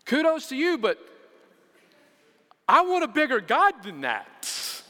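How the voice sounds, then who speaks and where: Male pastor, high bright voice, animated sermon with call-and-response, long hall reverb. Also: slow pace. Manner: animated preaching, repeats words, asks the congregation to respond. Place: church sanctuary.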